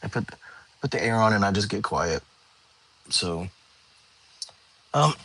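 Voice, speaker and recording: A tired young man, hosting a relaxed livestream and chatting with viewers from home. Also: lowish voice, a little slow, vocal fry, pauses often, no echo. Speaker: livestream host. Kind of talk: casual livestream chat. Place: home, lying down.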